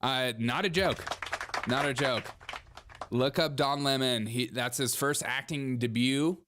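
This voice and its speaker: A man's voice: medium pitch, measured pace, fairly bright tone. Sarcastic man riffing on headlines. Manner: sarcastic, laughs often, riffs on headlines. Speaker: podcast host. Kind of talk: comedic political commentary.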